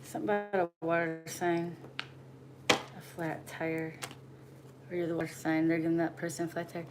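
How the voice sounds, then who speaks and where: A woman's voice: lowish voice, little pitch movement, moderate pace. Blunt, preachy woman in noisy audio. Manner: blunt, preachy, swears freely. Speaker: spiritual message reader. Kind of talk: casual livestream talk. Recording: noisy home recording.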